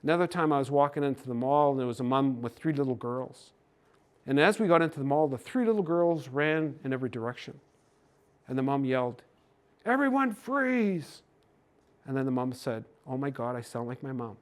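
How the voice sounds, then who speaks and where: An older Canadian man giving a gentle, folksy storytelling talk to a hockey team. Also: mid-range voice, fairly quick, smooth. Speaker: speaker on cultural mindfulness.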